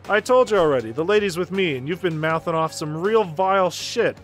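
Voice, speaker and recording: A man voicing a smooth-talking male gangster, a bit playful and a bit menacing, with a slow, low, cocky drawl. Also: a bit bright, soft background music, close to an everyday voice.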